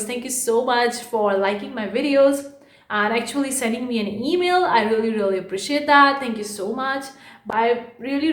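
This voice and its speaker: A young woman vlogging casually to camera about her online art business, chatty and repetitive, a fast talker by habit. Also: fairly high pitch, reverberant. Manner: chatty, repeats herself, fast-talking by habit. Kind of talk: casual vlog talk to camera.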